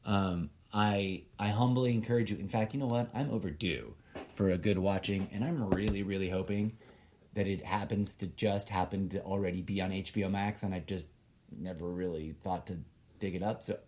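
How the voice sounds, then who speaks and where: A man's voice: sits low, moderate pace, a little mellow, slight background noise. A middle-aged man hosting a solo podcast, rambling along and wandering off on tangents as he talks to himself. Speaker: podcast host.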